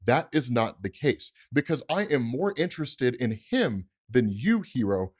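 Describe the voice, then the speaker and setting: A man voicing a calm, scheming male supervillain who makes slow, low threats. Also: husky. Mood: menacing.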